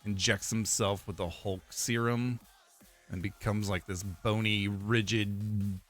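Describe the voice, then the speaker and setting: A man's voice: lowish voice, level tone, slow pace, a bit bright, faint music behind. A young man streaming live, chatting casually and rambling, repeating himself with fillers and laughs.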